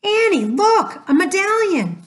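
A woman's voice: very high voice, very animated, unhurried, a bit bright, pitched above the performer's own voice, full character voice. A woman doing a worried, bookish young boy. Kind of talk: storybook reading.

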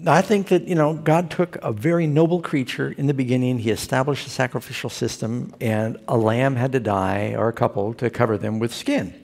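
A pastor with a medium-pitched, steady, creaky voice and a darkish tone preaches fairly quickly with few pauses. He tells humorous stories in his sermon and poses questions to the congregation.

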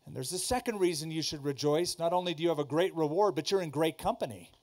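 A pastor preaching to a congregation, emphatic, repeating key lines and asking the audience questions. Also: male voice, on the high side, fast talker, darkish tone. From Southern California. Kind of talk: sermon. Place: church before a congregation.

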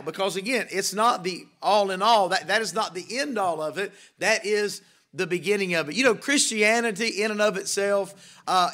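A man's voice: sits high, pushed and bright. A male pastor preaching an evening sermon in a church, emphatic, asking rhetorical questions and repeating key phrases. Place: church sanctuary.

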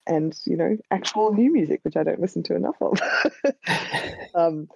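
A woman's voice: fairly low pitch, expressive, normal speed, creaky, darkish tone, husky, dry recording. An Australian woman, a guest writer, chatting casually in a rambling, hesitant way full of ums, on a dull lo-fi recording. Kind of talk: casual chat. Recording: dull lo-fi sound.

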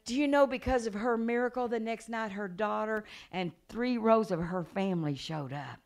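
A middle-aged woman evangelist preaching a revival sermon, telling stories with acted-out voices and rising to a loud preaching cadence. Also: mid-range voice, normal speed. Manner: animated storytelling, acts out voices and gasps.

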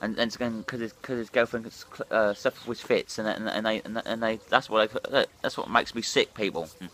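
A man's voice: fairly low pitch, steady tone, brisk, fairly bright tone, slight background noise. A hungover man, ranting and swearing bluntly in a rambling vlog monologue while drinking. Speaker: drinking vlogger.

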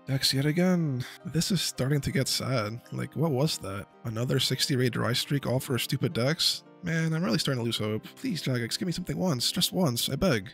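Excitable young man narrating gameplay. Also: medium pitch. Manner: casual, excitable, swears when hyped. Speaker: gaming video creator. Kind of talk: game commentary voice-over.

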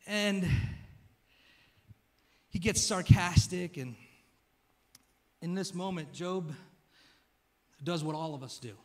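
A man's voice: sits high, slow pace, long pauses, a little mellow. A man preaching a sermon as pastor, casual and joking, talking like a friend.

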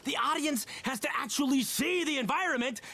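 An actor playing a stubborn, excitable male movie director who insists and shouts over others, in a video game. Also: extremely high pitch, a little fast, exaggerated voice. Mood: insistent. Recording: game audio under clear noise.

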